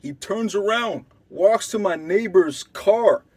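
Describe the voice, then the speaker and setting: Young man, somewhat high voice, casual storytelling, animated, swearing, slangy. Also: takes it slowly, husky, no room sound. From Canada. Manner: animated, swearing, acts out quotes loudly and softly.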